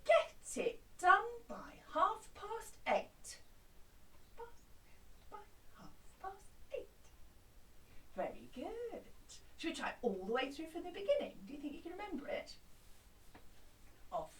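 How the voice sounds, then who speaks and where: A woman music teacher giving a lively, encouraging lesson to young children, chanting along with them. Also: sits high, normal speed, distant mic. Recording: roomy, from off mic.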